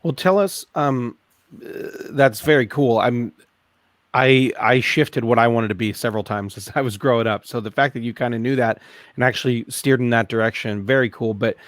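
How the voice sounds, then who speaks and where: A man's voice: medium pitch, moderate pace, no echo. Man, podcast host, friendly, curious, dry recording. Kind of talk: casual interview chat.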